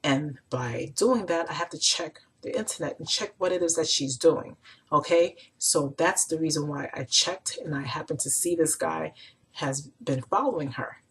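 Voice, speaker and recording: A woman vlogger and mother in her thirties, talking casually to camera and retelling an online exchange with indignant, animated quoting. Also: sits low, normal speed, slight background noise, rough recording. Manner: animated, indignant, retells chats with mimicked quotes.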